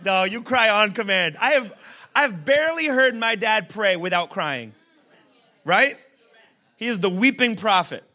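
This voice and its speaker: Bright, high-voiced young pastor. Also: male voice, expressive, measured pace, long pauses, some chatter behind. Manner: conversational, laughs often, asks the congregation questions. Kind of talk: casual sermon.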